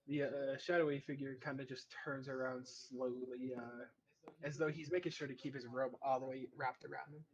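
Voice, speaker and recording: A man running a tabletop game and describing the scene in a loose, chatty way, with plenty of fillers. His voice sits at a middle pitch, and the recording sounds slightly dull. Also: little pitch movement, fairly quick. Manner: loose, filler-heavy, casual. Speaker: game master.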